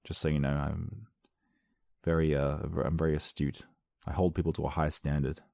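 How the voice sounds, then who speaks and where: A man with a very deep voice reads odd news stories aloud and reacts to them. His talk is sarcastic and wanders into rambling asides. The recording is dry and close, with no room sound. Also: level tone, moderate pace, vocal fry, darkish tone, dry recording. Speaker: video host. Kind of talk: reading and reacting to weird news.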